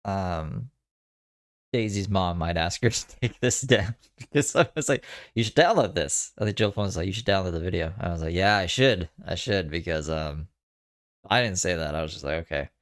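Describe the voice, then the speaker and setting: A man's voice: deep voice, animated, moderate pace, no room sound, studio quality. A man hosting casual reaction commentary on a clip, rambling and fidgety, jittery from too much coffee, with chuckles and filler words.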